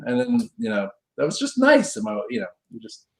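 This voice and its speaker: A man's voice: high voice, huge pitch swings, normal speed, vocal fry. A middle-aged man, a pro trader, casually telling a story on a live stream, acting out quoted dialogue with big jumps in his voice.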